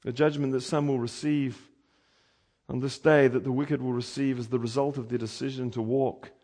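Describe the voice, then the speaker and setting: A man preaching a sermon with dramatic swells to loud cries and drops to low, quiet warnings. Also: level tone, normal speed.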